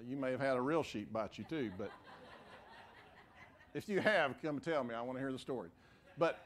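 A male pastor preaching a sermon in a church, telling a story in a lively way with frequent repeated words. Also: mid-range voice. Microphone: mic for preaching.

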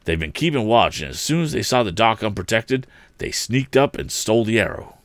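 A man's voice: on the low side, very animated, brisk, dry recording, pitched above the performer's own voice. A man reading a storybook aloud, voicing a blunt, confident middle-aged male engineer in a firm, matter-of-fact way.

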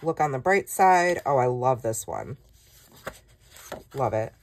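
Gushing low-voiced woman crafter. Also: background noise. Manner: gushing, excitable, quick gasps and exclamations. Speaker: craft vlogger. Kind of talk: casual product flip-through chat.

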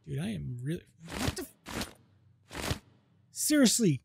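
A man's voice: a little high, unhurried, vocal fry, very noisy. A man playing a video game and commenting on it through a headset, irritated and swearing, muttering and then bursting out at the game. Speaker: gaming channel host. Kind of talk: let's play commentary.

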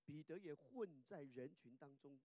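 A man's voice: moderate pace, no room sound. A man preaching a sermon, acting out the people he quotes. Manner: animated, acts out quotes in a high voice. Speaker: pastor.

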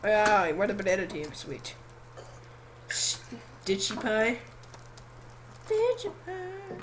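A woman giving excitable, giggly let's play commentary while gaming, shouting when thrilled. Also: medium pitch, unhurried, noisy background. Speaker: gamer.

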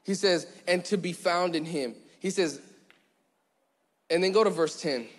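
A man preaching as pastor, chatty and joking, who slows down and goes quiet to stress a point. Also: high voice, breathy edge. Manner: conversational, joking, acts out little scenes; slows down and drops quiet for emphasis. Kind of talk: sermon. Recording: long church hall reverb.

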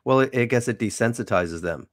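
A man with a New York accent, born in the city, hosting a casual interview with wry, animated chat. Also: medium pitch, fairly quick, dry recording, studio quality. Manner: chatty, wry, animated sign-offs. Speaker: show host.

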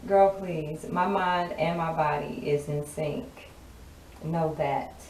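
A woman gives a spoken channeling tarot reading. She sounds sassy and drawling and laughs often. Her voice sits a little low, and it comes from some distance off the mic in an echoey, noisy room. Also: little pitch movement, slow pace, darkish tone. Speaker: tarot reader.

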